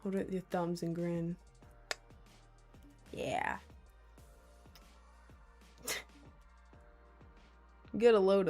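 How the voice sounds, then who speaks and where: A woman's voice: fairly low pitch, gravelly, darkish tone. A young woman livestreaming, chatting casually and reading out viewers' comments with frequent laughs. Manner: rambling and giggly, reading out chat.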